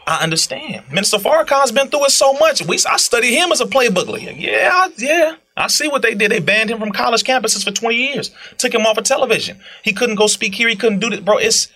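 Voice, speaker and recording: A young man talking in a casual podcast chat, preachy and animated, tagging lines with "bro" and leaping into high exclamations. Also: fast talker, few pauses. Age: young adult. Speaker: guest speaker.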